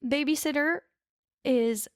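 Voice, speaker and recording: A woman's voice: sits high, takes it slowly, no room sound, studio quality. A woman co-hosting a podcast, telling a true-crime story in a chatty, casual way and often stopping to correct herself when she mixes up names. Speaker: podcast co-host.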